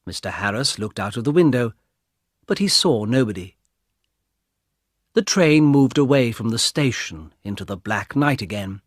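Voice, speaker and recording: A man reading a story aloud in a clear, deliberate way for English learners. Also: mid-range voice, lively intonation, no room sound, clean studio sound. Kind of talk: slow scripted story narration for English learners.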